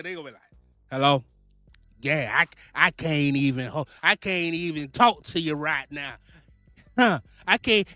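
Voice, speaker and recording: A man putting on a boastful trucker who flaunts his cash, voiced higher than his own talk. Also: pushed and bright, no room sound, full character voice.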